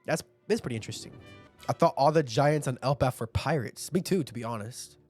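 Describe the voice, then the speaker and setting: A man hosting a manga reaction, giving casual commentary with animated, profane asides. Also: mid-range voice, a little fast, faint music behind. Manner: animated, swearing, laughing asides.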